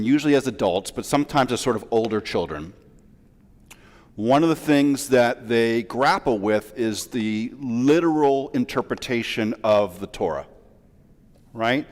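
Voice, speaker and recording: A man in his forties, a rabbi, giving a sermon as a relaxed, self-deprecating story full of asides. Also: mid-range voice. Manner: chatty, self-deprecating, with many fillers and asides. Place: large synagogue sanctuary. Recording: long reverb of a large hall.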